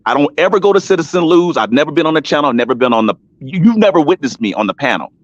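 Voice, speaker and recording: A man's voice: on the high side, expressive, racing. A man in a heated casual talk on an online panel, emphatic and repetitive, calling listeners by name. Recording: dull dry stream audio.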